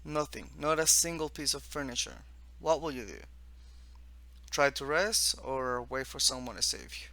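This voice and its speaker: In a mid-range voice with a sharp tone and no echo, a man from the US East Coast demos his own text game in a casual way. He stumbles through the on-screen text, restarting as he goes and adding side comments.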